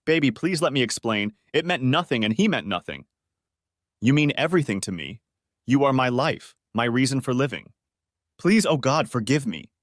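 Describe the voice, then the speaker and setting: A man's voice: mid-range voice, animated, normal speed, dry recording, clean studio sound, close to an everyday voice. A man reading as a pleading unfaithful wife. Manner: pleading, tearful. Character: desperate cheating young wife, pleading.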